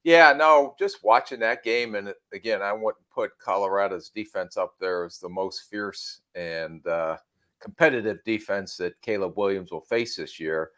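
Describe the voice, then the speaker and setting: A man co-hosting a podcast, giving measured analysis with self-deprecating humor. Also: lowish voice, a bit bright. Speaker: podcast co-host and draft analyst. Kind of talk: casual podcast chat.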